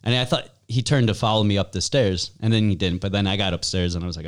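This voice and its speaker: A man's voice: fairly low pitch, steady tone, fast. A man running a small venue, recounting events in casual, easygoing chat.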